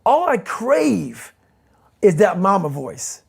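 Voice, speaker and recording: A man's voice: high-pitched, sing-song, measured pace, vocal fry, darkish tone, husky. Intense man repeating his points. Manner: intense, emphatic, repeats key phrases. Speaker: interview guest. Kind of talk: motivational interview talk.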